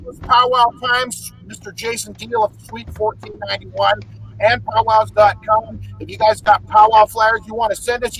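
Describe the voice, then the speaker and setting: High-voiced joking male podcast host. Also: slight background noise, rough recording. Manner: joking and rambling, with loud bursts. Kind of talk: casual podcast chat.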